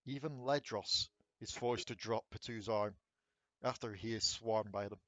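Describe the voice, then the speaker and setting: A man running a tabletop game as dungeon master, narrating events and calling for rolls in a calm, descriptive way. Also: on the low side, normal speed, dry recording.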